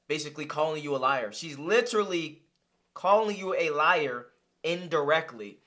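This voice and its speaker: A young man reacting to a clip in blunt, profane, heated casual commentary. His voice is bright and forceful and sits a little high. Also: moderate pace. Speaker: reaction streamer.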